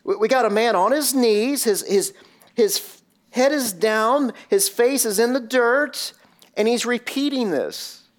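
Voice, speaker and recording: A man's voice: extremely high pitch, measured pace. A man preaching a sermon and retelling a scene vividly, with many rhetorical questions. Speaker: pastor.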